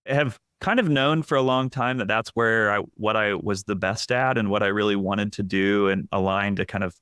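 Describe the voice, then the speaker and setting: A middle-aged man speaks as a guest on a business podcast, his voice sitting low. He talks candidly and reflectively, looping through fillers and restarts. The sound is close and dry. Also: normal speed, a bit bright, smooth, dry recording. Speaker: executive coach. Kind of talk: casual podcast interview.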